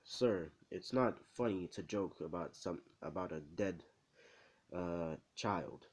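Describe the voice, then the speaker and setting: Dude putting on a pushy lady reporter firing questions, lowish voice. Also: takes it slowly, husky, exaggerated voice. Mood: insistent. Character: insistent female news reporter.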